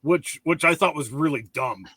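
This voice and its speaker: A man hosting a streamed chat show, animated and laughing easily. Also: fairly high pitch, moderate pace, slightly rough, no echo. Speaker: podcast host.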